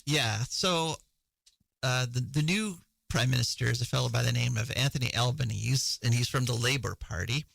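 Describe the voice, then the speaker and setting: Man, radio host, gravelly voice, dry close sound, casual news chat, laughs a lot. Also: mid-range voice, moderate pace, a bit bright, no echo, low-quality recording. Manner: chatty, laughs often, many fillers.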